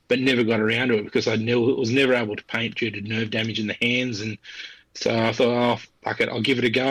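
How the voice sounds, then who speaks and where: A man's voice: medium pitch, fairly bright tone, breathy edge, dry recording, rough recording. An Australian man co-hosting a casual podcast, speaking bluntly and swearing freely. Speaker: podcast co-host. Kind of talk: casual group chat.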